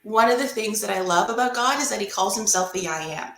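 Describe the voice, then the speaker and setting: A woman's voice: medium pitch, fairly quick, a bit bright, roomy sound, a little hiss or hum, rough recording. A woman telling a faith story and teaching as a guest on a talk show. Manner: earnest storytelling.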